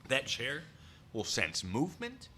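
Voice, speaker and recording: A man's voice: mid-range voice, huge pitch swings, a little slow, sharp tone, slight background noise. A man in the middle of his range chats through a casual live stream, close to his desk mic. He rambles and drifts into asides aimed at his viewers. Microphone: desk mic pulled close.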